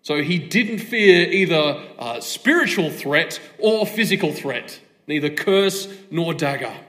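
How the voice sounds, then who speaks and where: Man, preacher, sermon, rhetorical questions, emphatic, slightly high pitch. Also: lively intonation, measured pace, fairly bright tone.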